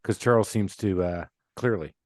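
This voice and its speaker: A man's voice: low-pitched, moderate pace, a little mellow, no room sound, studio quality. A man hosting a podcast interview, chatty and enthusiastic, talking casually with plenty of fillers. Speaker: podcast host.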